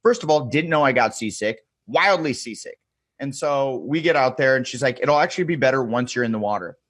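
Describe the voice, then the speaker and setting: Podcast guest, male, lively yarn-spinner who quotes people in their voices; dry, close sound. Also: medium pitch, fairly quick, dry recording. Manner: animated storyteller, acts out quotes, swears freely, laughs often. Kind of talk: casual storytelling chat.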